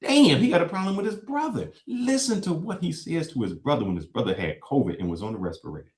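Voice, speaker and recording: A man hosting a talk show, giving animated, preachy commentary on clips and acting out quotes. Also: on the high side, fast, echoey room. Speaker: podcast host. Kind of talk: casual commentary reacting to clips.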